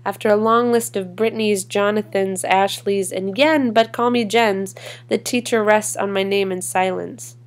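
A woman performing a spoken word poem in a measured, deliberate way with long pauses. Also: mid-range voice, fairly even intonation. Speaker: poetry reader. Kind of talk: spoken word poetry reading.

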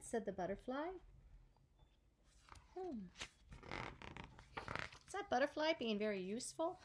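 A woman hosting story time, reading a picture book aloud to children and asking them gentle questions. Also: fairly high pitch, sing-song, slow pace, pauses often. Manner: gentle, asks the listeners questions.

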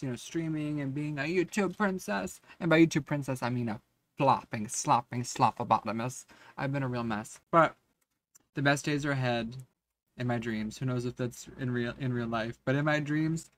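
A young man talking to his camera at home in a casual confessional vlog, candid, profane and self-mocking, swinging between loud outbursts and quiet murmurs. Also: mid-range voice, moderate pace, no echo. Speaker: vlogger and streamer.

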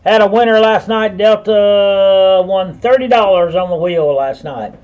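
A man's voice: high voice, a little slow, darkish tone, dull audio. A man with a Southern US accent running a live online auction, rambling in a folksy way and calling viewers by name. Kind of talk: live-stream auction patter.

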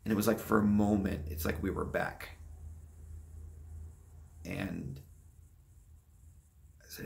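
Gravelly low-voiced young man telling a painful story. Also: steady tone. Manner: soft-spoken, halting and emotional. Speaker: vlogger. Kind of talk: personal storytelling.

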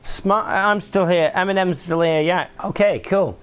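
A man's voice: high voice, unhurried, a bit bright, clean tone. A young man streaming a game live, commenting on the play and swearing in frustration. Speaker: gaming streamer.

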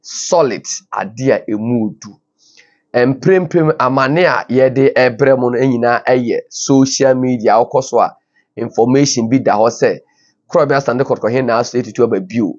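A man's voice: medium pitch, moderate pace, a little mellow. A man with a Ghanaian accent hosts an online news show, reading out viewer comments and mixing Twi with English in an informal, chatty way. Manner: switches between Twi and English, informal asides. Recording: dull lo-fi audio.

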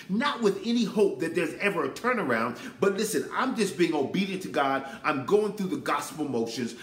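A man's voice: sits high, reverberant. A man preaching a sermon, emphatic and repetitive, often urging his listeners to listen.

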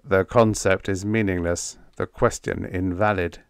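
A flat, impassive guardian robot speaks in a formal, mechanical drone, voiced by a male audiobook narrator. The low voice is slow and deliberate, recorded close and dry. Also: clear, resonant tone, no echo.

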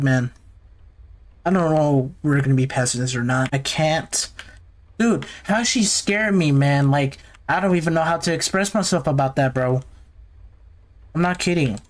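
A man's voice: fairly high pitch, unhurried, long pauses. A man giving nervous, jumpy commentary while playing a horror game, talking to himself. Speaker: gaming YouTuber.

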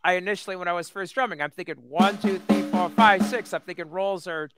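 A man's voice: high voice, brisk, a bit bright, soft background music. A man co-hosting a drummers' chat, eagerly affirming and asking questions. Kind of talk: casual chat.

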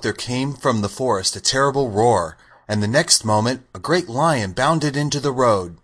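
A man with a mid-range voice reads a children's novel aloud as an audiobook narrator, delivering scripted narration in a measured, expressive way.

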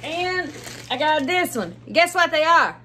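A woman's voice: high-pitched, lively intonation, measured pace, sharp tone, a little hiss or hum. A woman, chatting casually at home in a haul vlog, bubbly and gushing to her viewers. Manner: bubbly, gushing, talks straight to viewers as "y'all". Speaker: vlogger. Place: at home, indoors.

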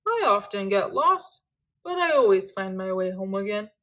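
A woman's voice: medium pitch, very animated, normal speed, pushed and bright. A woman doing a cheerful young polar bear cub. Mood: reassuring. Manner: reassuring and eager.

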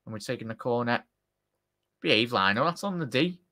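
A man hosting a live football watchalong, chatting to viewers and reacting excitedly to the play. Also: mid-range voice, a little fast. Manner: excitable, chatty, addresses chat directly. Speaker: watchalong host.

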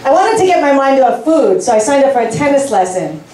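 A woman in her forties performing a stand-up set of deadpan, self-mocking one-liners in a comedy club. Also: high-pitched, a little fast, background noise. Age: 40s. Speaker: stand-up comic. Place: club stage with audience. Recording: echoey room, from a distance.

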